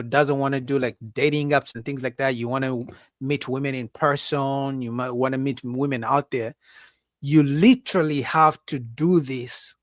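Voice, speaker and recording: A man's voice: no room sound, studio quality. A man hosting a livestream, giving a casual, emphatic opinion monologue full of repetition and asides like "right?". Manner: animated, acts out women's voices in a high mocking pitch. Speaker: livestream host.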